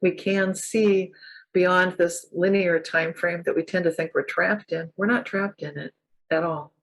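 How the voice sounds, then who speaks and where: This woman's voice sits on the low side, steady and a little slow, over poor audio. An author from California, USA, she's an enthusiastic, spiritual interview guest in casual conversation who laughs a lot.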